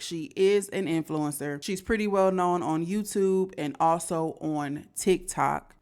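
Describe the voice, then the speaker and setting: A woman hosting a reaction video, chatting casually to viewers and often checking in with "okay?". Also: deep voice. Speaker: host.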